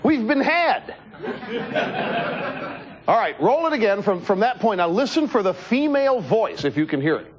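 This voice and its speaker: A man hosting a TV talk show, delivering an animated, joking political monologue in the studio and talking to his crew. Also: high-pitched, moderate pace, long pauses, some chatter behind. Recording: dull lo-fi TV broadcast.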